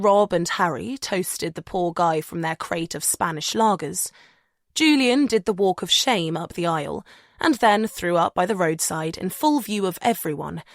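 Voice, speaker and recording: A woman narrating an audiobook thriller in a measured, suspenseful way. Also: lowish voice, no echo, studio quality.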